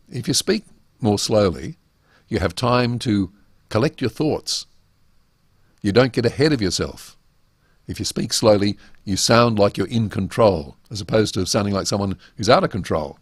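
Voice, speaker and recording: Gravelly-voiced man coaching public speaking. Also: on the low side, no echo, studio quality. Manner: emphatic, rhetorical questions, animated delivery. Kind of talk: webinar lecture.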